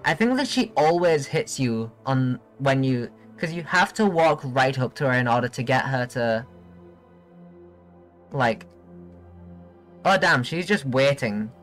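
A young man streaming a video game live, chatting excitably and giggling with his viewers. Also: medium pitch, unhurried, long pauses, faint music behind. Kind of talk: live gameplay commentary.

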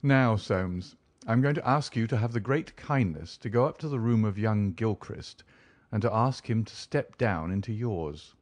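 A man voicing a calm, shrewd male detective who talks in a suave, measured, deliberate way. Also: on the low side, no echo, lightly acted. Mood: probing. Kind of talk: audiobook character reading.

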